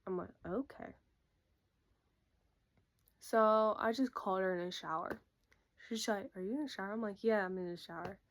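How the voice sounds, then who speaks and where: A woman's voice: mid-range voice, moderate pace, pauses often. Young woman telling a breakup story. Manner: animated, quotes people with "I'm like". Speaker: YouTuber. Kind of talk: casual storytime chat.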